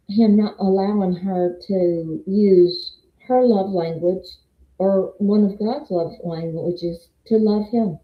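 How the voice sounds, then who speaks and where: An older woman with a Southern accent giving a rambling, testimony-style faith talk and quoting scripture. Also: medium pitch. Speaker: faith vlogger and meeting moderator. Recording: roomy, dull lo-fi sound.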